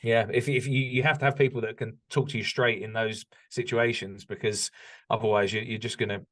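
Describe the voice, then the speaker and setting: A man's voice: medium pitch, level tone, a little fast, a bit bright. A British man talking candidly as a podcast guest, reflective and open, with frequent restarts and ums. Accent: British English. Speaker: podcast guest, business owner. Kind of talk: casual interview chat.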